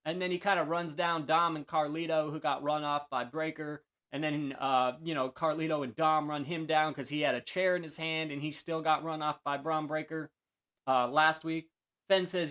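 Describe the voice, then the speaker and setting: A man's voice: a little high, normal speed. A man hosting a casual wrestling review show, talking loosely with many fillers and restarts and acting out the announcers' lines. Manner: relaxed, many fillers and restarts, acts out quotes. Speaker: podcast host.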